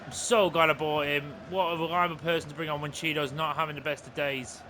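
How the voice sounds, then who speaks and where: A young man commentating his own football video game, excitable and openly venting at the play. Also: fairly high pitch, brisk, a little hiss or hum. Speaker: gaming channel host. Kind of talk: live gameplay commentary. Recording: game music playing underneath.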